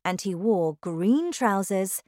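Slow, careful woman storyteller. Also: mid-range voice, expressive, darkish tone, no room sound, studio quality. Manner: careful, clearly paced reading. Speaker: narrator. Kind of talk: slow storybook reading for learners.

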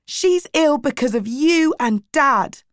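Woman reading a blunt teenage girl, defiant, slow, dry close sound. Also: mid-range voice, no room sound, close to an everyday voice. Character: hurt angry teenage girl.

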